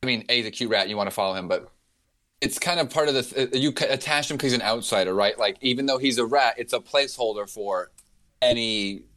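A man with a middle-pitched, everyday voice, co-hosting a casual film podcast. He talks in an easygoing, conversational way, leaning on filler words as he thinks. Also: quick pace, bright, forceful tone. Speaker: podcast co-host.

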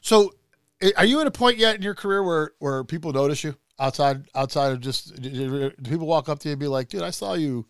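A man hosting a casual interview show, asking loose, quick questions with restarts. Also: fairly high pitch, clear, resonant tone, dry recording, studio quality. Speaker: podcast host.

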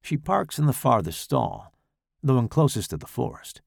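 A man reading his own first-person horror story aloud in a slow, dramatic, expressive way. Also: medium pitch, creaky, no echo, clean studio sound.

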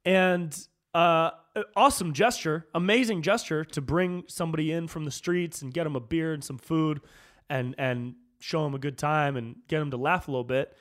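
A slightly high-pitched man rants on his podcast, loose and profane, calling everyone "dude". He drops into mumbled asides, then fires back up with comic outrage. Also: moderate pace, fairly bright tone. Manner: loose and profane, peppered with "dude", jumps between mumbling and fired-up. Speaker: comedian and podcast host. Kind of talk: casual ranting monologue.

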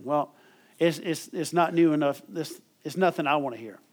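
A man's voice: on the high side, animated, fairly quick. A middle-aged man preaching a sermon as pastor, emphatic and calling for amens from the congregation. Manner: emphatic preaching with call-and-response.

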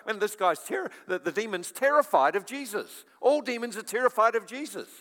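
A male preacher giving a sermon in an animated storytelling manner, with chuckling asides. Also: sits high, brisk, few pauses. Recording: long reverb of a large hall.

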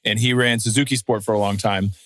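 Man, bright voice, dry sound, animated, profane storyteller, casual podcast chat. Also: on the low side, quick pace, no room sound. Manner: animated storyteller, jokey impressions, swears freely. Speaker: podcast guest, former hill-climb racer.

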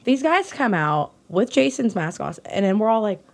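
A woman's voice: medium pitch, moderate pace, gravelly. A woman chatting casually about her old bar job, laughing often and using many fillers. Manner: animated, giggly, filler-heavy. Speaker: guest recalling bar work. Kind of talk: casual chat.

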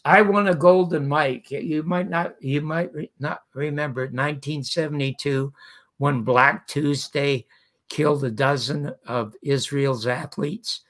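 Unhurried and a little high-pitched, this older man from Canada is a guest in an interview. He tells a lengthy story with gusto, performing each quoted character's voice as he goes.

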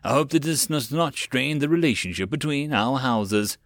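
A man's voice: medium pitch, animated, normal speed, fairly bright tone, no room sound, studio quality. A man voicing a sweet, scheming noblewoman hostess in an audiobook, mocking and overly polite. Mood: sly. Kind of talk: audiobook character voice.

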